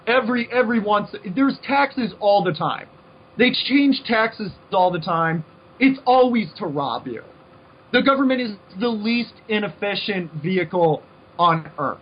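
A man's voice: high-pitched, animated, measured pace, slight background noise. A man hosting a podcast, delivering a heated, repetitive opinion rant with stumbling restarts. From United States. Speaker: podcast host. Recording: dull lo-fi recording.

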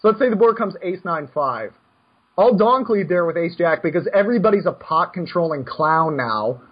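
A man coaching poker in casual chat, brash and animated, given to joking rants. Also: sits high, normal speed, breathy edge, muffled recording.

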